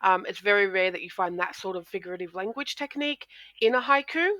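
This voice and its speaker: A woman's voice: mid-range voice, expressive, fast talker, bright, forceful tone, no room sound. A woman teacher explaining poetry in a recorded lesson, talking into a close microphone with frequent ums and restarts.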